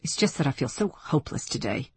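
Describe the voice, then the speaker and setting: A woman's voice: rumbling low, big pitch swings, brisk, slightly rough, no echo, pitched below the performer's own voice, heavily acted. A woman voicing a frustrated female linguist who speaks sharply and impatiently.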